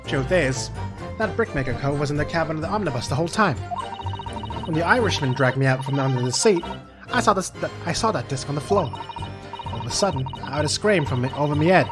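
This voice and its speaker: A cheeky street girl rattles off her story in brash slang, played by a man lifting his voice well above his own. Game music plays clearly underneath. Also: fairly high pitch, close to an everyday voice.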